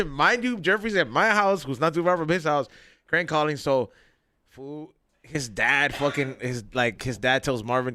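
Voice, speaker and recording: A man on a casual podcast telling a long, animated story, full of slang and laughter. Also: on the high side, moderate pace.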